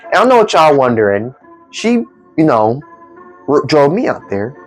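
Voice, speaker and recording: A man telling a comic storytime in loose, slangy speech, acting out every person in it. His pitch swings widely from line to line, and faint music plays behind him. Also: measured pace, long pauses. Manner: animated, slangy, acts out the voices. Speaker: vlogger.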